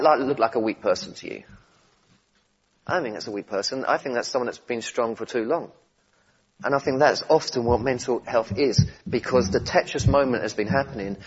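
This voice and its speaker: A husky-voiced man preaches a sermon in a relaxed, conversational manner, with gentle humour and asides to the congregation. His voice is pitched in an ordinary middle range. The recording sounds a little dull and muffled.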